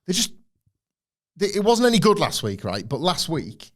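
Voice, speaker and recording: A man's voice: fairly high pitch, huge pitch swings, normal speed. Thoughtful man analysing wrestling. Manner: thoughtful, rambling analysis with fillers. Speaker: podcast co-host. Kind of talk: casual wrestling analysis chat.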